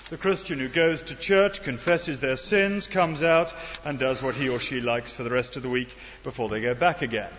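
A man's voice: mid-range voice, moderate pace, hardly any pauses, a bit bright, slight background noise. A middle-aged man preaching a sermon in an earnest way, with wry asides and rhetorical questions. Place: church. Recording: dull sound in a long-reverb hall.

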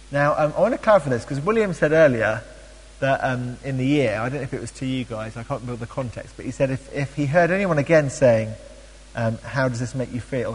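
A man teaching a Bible study, chatty and animated, with frequent ums and playful asides. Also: medium pitch, husky, big-room sound, low-quality recording.

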